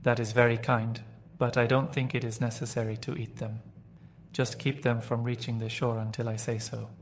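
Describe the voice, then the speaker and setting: A man voicing a kind, calm doctor who speaks gently and politely. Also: mid-range voice, normal speed, slight background noise, natural voice. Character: kind calm male doctor, middle-aged.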